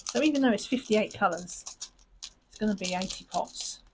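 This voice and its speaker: A woman talks casually to camera as she kits up a craft project. She rambles, laughs at her own thoughts and pokes fun at herself, in a voice of middling pitch. A faint hiss sits under the recording. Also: normal speed. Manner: chatty and self-mocking, rambling with giggles. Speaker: crafting channel host. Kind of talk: casual chat while sorting craft supplies.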